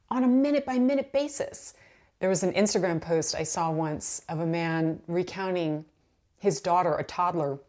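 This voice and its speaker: A middle-aged woman, a manifestation coach, giving casual motivational talk to camera in a chatty, animated way, laughing as she tells stories. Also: mid-range voice.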